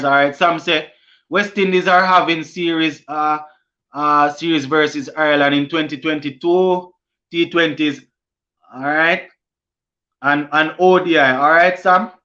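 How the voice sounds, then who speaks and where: A man's voice: a little high, fairly even intonation, unhurried, bright, forceful tone. A young man with a Jamaican accent hosting a cricket live stream, reading viewer comments aloud and answering them in a casual way. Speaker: sports channel host. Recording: lo-fi stream audio.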